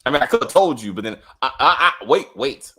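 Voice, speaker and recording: A man hosting a casual show review, animated and joking, with faint music behind. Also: mid-range voice, quick pace, breathy edge. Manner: animated, joking, lots of uh fillers. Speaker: host.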